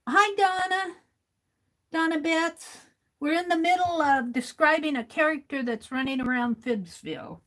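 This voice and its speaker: A woman hosting a casual livestream, reading viewer comments aloud, chuckling often and thinking out loud. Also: sits high, measured pace, rough recording. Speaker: livestream host.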